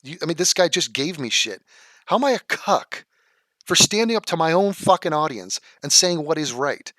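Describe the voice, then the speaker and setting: A man hosting a live stream from his living room, reading viewer comments and replying in a heated, sarcastic rant full of swearing and drawn-out insults. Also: a little high, sing-song, bright, forceful tone, no echo, studio quality.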